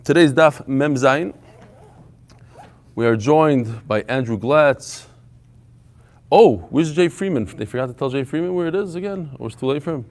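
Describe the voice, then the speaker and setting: Lively man teaching a Talmud class. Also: fairly high pitch, moderate pace, pauses often. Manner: lively storytelling, sprinkled with Hebrew and Yiddish terms. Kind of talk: live Talmud class with chat. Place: in front of a small live audience.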